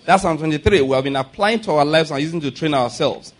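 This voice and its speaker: High-voiced pastor preaching. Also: male voice, fast talker. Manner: humorous, laughing asides, leads congregation in declarations. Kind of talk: sermon with call-and-response.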